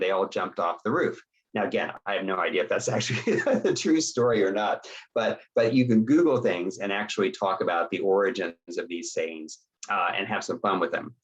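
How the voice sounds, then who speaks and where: Low, husky-voiced man presenting a webinar. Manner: conversational, checks in with "okay?" and acts out sample dialogues. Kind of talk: instructional webinar talk. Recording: dull lo-fi webinar audio.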